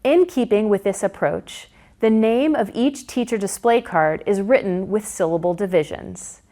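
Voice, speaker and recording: A woman reading a scripted teaching guide and pronouncing each syllable slowly and clearly. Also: medium pitch, warm tone. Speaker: curriculum narrator. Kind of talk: scripted instructional narration.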